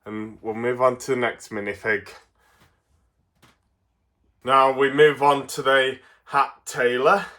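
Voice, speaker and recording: Derbyshire man with a bright, forward voice, casual and giggly, unboxing toys on camera. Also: medium pitch, steady tone. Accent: Derbyshire English. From Derbyshire, England. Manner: chatty, chuckles often, halting with fillers. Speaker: toy reviewer.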